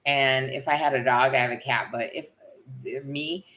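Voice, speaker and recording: A middle-aged woman from the United States chatting casually as a vlog co-host, animated and storytelling. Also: extremely low pitch, normal speed, a little hiss or hum. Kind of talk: casual live chat.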